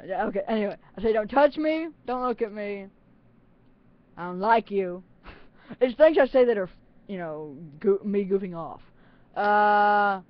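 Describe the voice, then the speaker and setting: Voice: medium pitch, no room sound, highs cut off. A teenager talking casually into a webcam on their own channel, rambling and giggling with plenty of self-mocking asides. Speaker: channel host.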